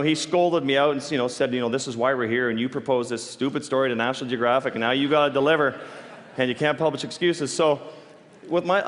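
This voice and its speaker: Animated man telling a story in a big hall. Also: medium pitch. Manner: animated, halting restarts, quick to laugh. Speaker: speaker telling stories. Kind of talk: storytelling talk on stage. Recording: long reverb of a large hall.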